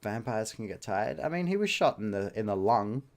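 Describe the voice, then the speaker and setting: A man's voice: on the low side, very animated, normal speed. A man reading a short story aloud, with loose, chatty asides where he laughs at himself. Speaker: reader and host.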